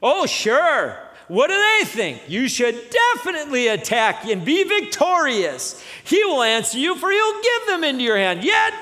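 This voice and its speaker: A man's voice: very high voice, huge pitch swings, measured pace, few pauses, big-room sound, pitched above the performer's own voice, full character voice. A man voicing a sarcastic prophet who mocks a king with exaggerated agreement in a sermon retelling. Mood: sarcastic mocking. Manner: sarcastic, mocking, shouting. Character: sarcastic mocking prophet, male adult.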